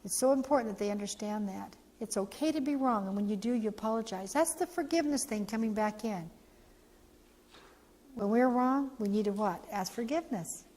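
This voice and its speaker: A founder and parent trainer with a slightly high voice talks fairly quickly through a heartfelt training session. She animatedly voices the characters in her story, and the recording carries a hall's echo.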